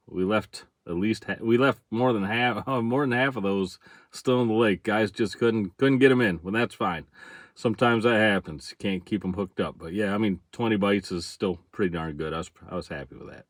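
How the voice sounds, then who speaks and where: Low-voiced Michigan man, casual chat. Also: dry recording, clean studio sound. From central Michigan. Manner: relaxed, chatty, greets viewers by name, chuckles often. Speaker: fishing charter captain hosting a livestream.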